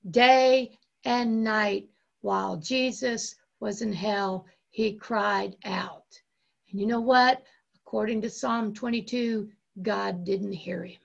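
A woman pastor preaching a sermon with impassioned, drawn-out emphasis and repeated phrases. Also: medium pitch, creaky, fairly bright tone, dull audio.

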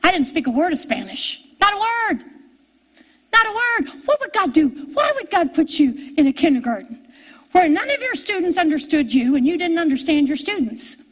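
Her sermon built around a personal story, this middle-aged woman preacher stays animated and keeps repeating the key phrases. The voice is high, the delivery brisk, and the recording low in quality.

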